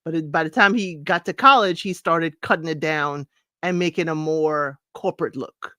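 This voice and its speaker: A woman's voice: sits low, moderate pace, bright, forceful tone, dry recording, clean studio sound. A middle-aged woman hosting a casual talk show, chatting about music, singing bits of songs and laughing often. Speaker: podcast host. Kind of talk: casual chat counting down music.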